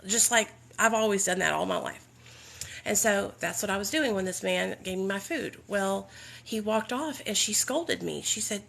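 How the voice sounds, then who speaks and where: Blunt, profane Southern woman telling her own story; bright, gravelly tone. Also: mid-range voice, moderate pace, a little hiss or hum. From Southern United States. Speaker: vlogger telling a recovery story. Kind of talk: candid storytelling.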